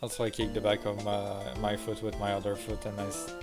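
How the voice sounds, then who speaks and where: A man's voice: fairly low pitch, monotone, brisk, few pauses. A man streaming a video game in casual commentary, swearing and laughing freely while he reads game dialogue aloud. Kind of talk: casual let's-play commentary. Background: game music.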